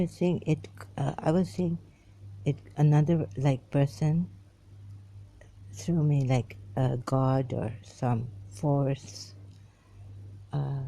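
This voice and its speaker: A vlogger giving a rambling personal monologue, halting and repeating phrases. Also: medium pitch, creaky, warm tone.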